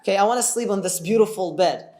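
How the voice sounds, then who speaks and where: A timid, pleading gentle brother, as a male storyteller puts him on. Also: sits high, fast, lightly acted. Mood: nervous pleading. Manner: hesitant, nervous, pleading.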